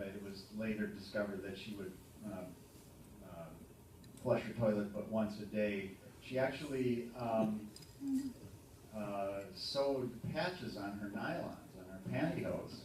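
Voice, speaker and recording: A man in his fifties, with a lowish and slightly mellow voice, gives a birthday tribute to a party audience as the son, telling dry jokes in a halting way with many ums. He is heard from a distance in a very echoey hall, with room ambience and audience laughter clearly behind him.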